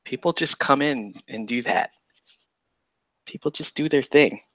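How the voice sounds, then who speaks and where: A man's voice: mid-range voice, unhurried, fairly bright tone, no echo, rough recording. A man casually chatting and joking while he paints miniatures on a livestream, swearing and laughing easily. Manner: laid-back, swears casually, laughs often. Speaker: stream host painting miniatures.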